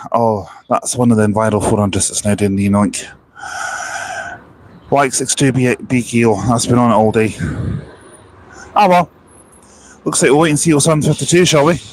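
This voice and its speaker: Speaking in a mid-range voice despite a sore throat, a man livestreams from his phone outside near a bus station, chatting loosely and reading viewer comments aloud.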